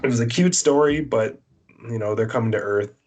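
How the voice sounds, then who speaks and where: A man co-hosting a podcast, giving blunt, opinionated sports takes in casual chat with a Canadian accent, often pausing on "uh" and "um". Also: mid-range voice, darkish tone. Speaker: podcast co-host.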